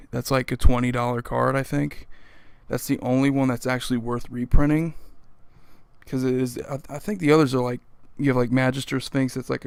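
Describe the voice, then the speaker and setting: A man's voice: mid-range voice, gravelly, clean tone, no echo. A young man hosting a casual opinion vlog, grumbling bluntly with lots of fillers. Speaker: channel host.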